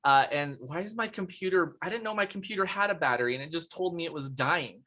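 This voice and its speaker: A woman's voice: lowish voice, lively intonation, quick pace, fairly bright tone. Chatty woman hosting a video call. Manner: chatty, laughs often, talks to viewers in the chat. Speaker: host of a product presentation on a video call. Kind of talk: upbeat live presentation with chat shout-outs. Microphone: computer mic on a video call.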